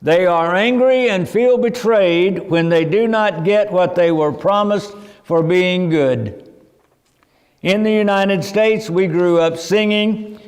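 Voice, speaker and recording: A man teaching a religious seminar in a slow, preacherly manner. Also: sits high, big-room sound.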